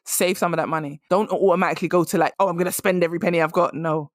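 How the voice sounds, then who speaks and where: A woman's voice: fairly low pitch, steady tone, very fast, dry recording, studio quality. A woman hosting a podcast, giving direct, emphatic career advice in a casual monologue. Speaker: career coach and podcast host.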